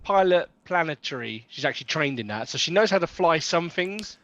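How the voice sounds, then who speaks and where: Bright-voiced man explaining his character. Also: fairly high pitch, expressive, fairly quick, no room sound. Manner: explaining rules casually. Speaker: player. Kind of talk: casual table chat.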